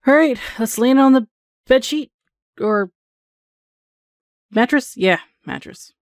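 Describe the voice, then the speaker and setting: A woman's voice: fairly high pitch, lively intonation, slow pace, no echo, studio quality. Chatty woman narrating a horror game. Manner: chatty, self-mocking, jumpy exclamations. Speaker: gaming channel host. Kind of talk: live gameplay commentary.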